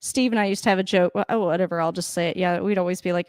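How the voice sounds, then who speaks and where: A woman hosting a casual live football reaction, excitable and swearing, often laughing and talking straight to the coach. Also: mid-range voice, a little fast, pauses often, dry recording, studio quality. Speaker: sports reaction host. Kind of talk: casual live game commentary.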